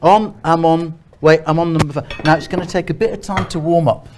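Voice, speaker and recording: A man's voice: fairly high pitch, fairly even intonation, brisk. A man hosting a live cooking segment, chatty and joking, fussing with a constant "hang on". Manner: fussy, joking, keeps saying "hang on". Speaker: cooking show host. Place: outdoor park cooking setup.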